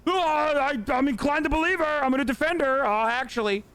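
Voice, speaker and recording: A man putting on the voice of a dopey, gullible male viewer in a high, airy, mocking tone. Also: fairly quick, fairly bright tone.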